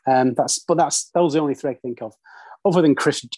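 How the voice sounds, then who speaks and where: A man's voice: a little high, quick pace, darkish tone, no echo. A man in his forties hosting a casual film chat, talking in loose restarts with lots of tag questions. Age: 40s. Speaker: podcast host.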